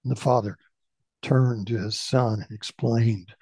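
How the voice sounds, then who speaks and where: A man's voice: medium pitch, fairly even intonation, a little slow, mellow, slightly rough, no room sound. A middle-aged man hosting a storytelling radio show, folksy and conversational.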